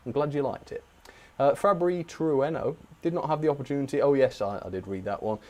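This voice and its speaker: A man's voice: medium pitch, brisk, a little mellow. A man hosting a live stream, chatting in a friendly way as he reads out viewers' requests and thanks them by name. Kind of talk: reading out viewer chat requests.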